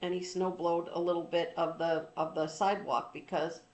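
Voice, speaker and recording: Low-voiced woman telling a story. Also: flat delivery, moderate pace, darkish tone, roomy sound, rough recording. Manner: reflective, with frequent ums and restarts. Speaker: trauma recovery speaker. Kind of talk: informal personal storytelling.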